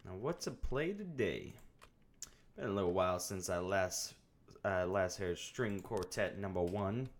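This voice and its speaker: A man's voice: sits low, expressive, unhurried. A young man casually commenting on his gameplay during a live stream, joking and rambling to himself as he plays. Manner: joking, rambling, talks to himself while playing. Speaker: game streamer. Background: faint game music.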